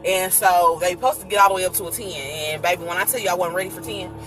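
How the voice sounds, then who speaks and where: A woman vlogger telling a personal story in casual chat, animated and laughing, acting out the people she quotes. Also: on the low side, fast talker, soft background music.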